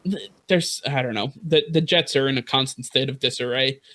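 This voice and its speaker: Guy cohosting a sports podcast, bright voice, rambly with lots of uhs. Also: medium pitch, moderate pace. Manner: rambling, laughing, many fillers and restarts. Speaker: podcast co-host. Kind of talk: casual sports talk.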